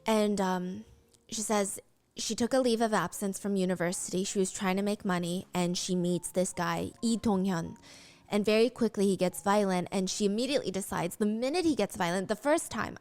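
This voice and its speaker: A woman telling a true-crime story in scripted narration, earnest and brisk. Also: mid-range voice, a little mellow.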